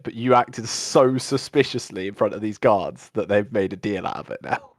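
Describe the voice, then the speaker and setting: A man narrating as game master of a tabletop game, relaxed and chatty with frequent fillers. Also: mid-range voice, normal speed, no echo, clean studio sound. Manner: relaxed and chatty, laughs often, many fillers.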